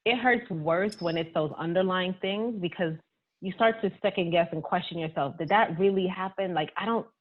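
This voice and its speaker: A woman's voice: on the low side, moderate pace. A woman who is a youth mentor, speaking in an emphatic, searching way in a group discussion over a video call. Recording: tinny phone-like call line.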